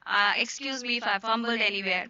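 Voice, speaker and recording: A hoarse middle-aged woman with an Indian accent speaks as a school principal at a stage microphone. Her voice is very bright and sits a little high. The sound is dry and slightly muffled, and she mixes English with Hindi. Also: a little fast, no echo. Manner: switches between English and Hindi. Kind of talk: speech at a school event.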